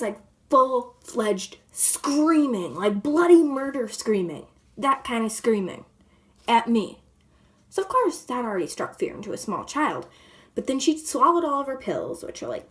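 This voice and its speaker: A woman vlogger telling a long story in a casual, rambling way, full of "like" and "you know", sometimes dropping to a whisper. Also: medium pitch. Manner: drops to a soft whisper at times.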